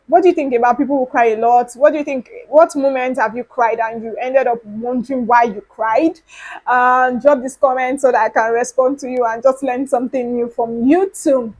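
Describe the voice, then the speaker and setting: A woman's voice: a little high, darkish tone, poor audio. Chatty woman hosting a solo podcast. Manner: chatty, earnest, repeats points for emphasis. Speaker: podcast host. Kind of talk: casual solo podcast talk.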